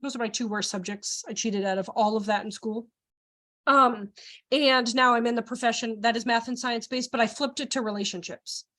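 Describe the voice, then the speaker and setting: A high-pitched woman presenting a child care training over a video call. She talks animatedly, laughs often, and slips into acted-out voices mid-story. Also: steady tone, normal speed, sharp tone. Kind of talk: live online training presentation.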